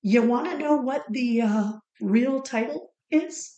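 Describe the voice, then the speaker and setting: A playful middle-aged woman chats and giggles her way through a casual podcast conversation. Her voice sits a little high. The room around her is echoey. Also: slow pace, warm tone. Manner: giggly, playful, often laughing. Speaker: podcast co-host. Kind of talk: casual chat.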